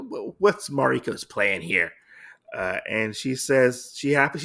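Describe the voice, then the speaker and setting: A man hosting a podcast in a casual recap of a comic story. He talks at a middle pitch with a gravelly edge, and he rambles along with a lot of fillers. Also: sing-song, slow pace, fairly bright tone. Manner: rambling, filler-heavy retelling. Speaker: podcast host.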